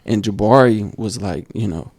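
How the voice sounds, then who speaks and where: A man co-hosting a basketball podcast, telling coaching stories in a casual, animated way and acting out quotes. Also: fairly low pitch, normal speed, no room sound. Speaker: podcast co-host. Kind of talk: casual storytelling chat.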